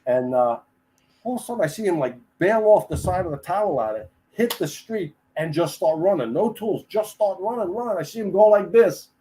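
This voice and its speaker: An older man, a retired firefighter, telling stories as a guest in a casual podcast interview, animated and chatty and acting out the people in them. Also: high-pitched, a little fast, low-quality recording. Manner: animated storyteller who acts out the people he quotes; chatty, with frequent restarts.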